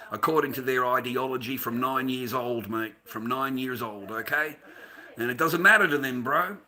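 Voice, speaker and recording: An Australian man ranting on a casual livestream. He swears constantly, tags "mate" onto nearly every line, and swings between low mumbles and loud, heated outbursts.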